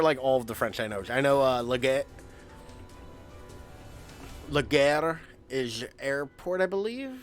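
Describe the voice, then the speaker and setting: A man's voice: medium pitch, a bit bright. A young man from the United States giving rambling, self-mocking commentary while he streams a game. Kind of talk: casual gameplay commentary.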